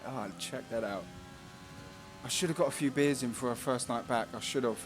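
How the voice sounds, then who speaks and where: A man's voice: mid-range voice, normal speed, noisy background. A man with a Cockney accent giving casual, jokey live race commentary, laughing often.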